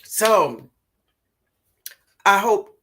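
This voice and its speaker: A woman's voice: mid-range voice, expressive, fairly bright tone, slight background noise. A middle-aged woman hosting a gardening live stream, chatting casually with viewers and affectionately calling them baby. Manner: affectionate, calls viewers baby, unhurried drawl.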